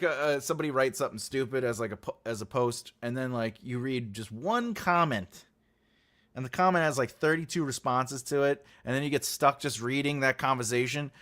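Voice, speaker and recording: Lively chatty New York man. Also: mid-range voice. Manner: rambling, chatty, self-deprecating asides. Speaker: host, author. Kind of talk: casual livestream chat.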